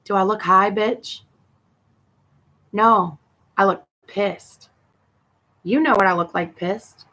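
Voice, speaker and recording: A woman venting to her camera at her sister, bitter and profane, her voice dropping low or flaring hot. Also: fairly even intonation, slow, pauses often, pushed and bright, a little hiss or hum, poor audio. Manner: swings between muttering and heated outbursts. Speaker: vlogger addressing her sister. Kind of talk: personal rant to camera.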